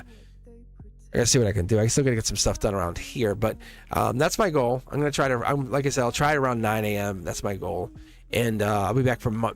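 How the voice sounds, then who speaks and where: A man hosting a live tarot stream in a casual, rambling way, chuckling often and joking with his viewers. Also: medium pitch.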